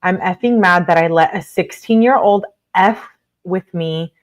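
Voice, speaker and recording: A woman's voice: fairly low pitch, a little slow. A woman hosting a casual live stream, reading documents aloud and breaking off to react with blunt outrage and lots of fillers. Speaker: livestream host reading court documents.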